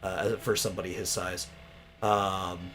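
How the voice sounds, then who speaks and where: A man's voice: low-pitched, little pitch movement, a little slow, a bit bright. Guy rambling on a podcast, lots of um and like, cusses a bit, faint music behind. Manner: rambling, many fillers and restarts, swears casually. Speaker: podcast co-host. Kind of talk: casual chat about movies.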